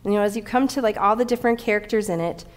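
Woman, middle-aged, pastor, sermon, animated storytelling, emotional, mid pitch. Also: very fast.

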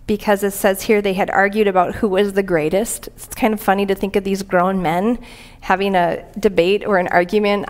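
An earnest woman preacher gives a conversational sermon in a church at an ordinary middle pitch. Speaking plainly to her congregation, she pauses now and then to read aloud from scripture and a commentary.

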